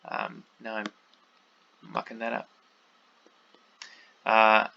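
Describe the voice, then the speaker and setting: A man's voice: mid-range voice, a little slow, gravelly. A man teaching a recorded class lecture in an informal way, with many fillers and restarts. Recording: dull lo-fi audio.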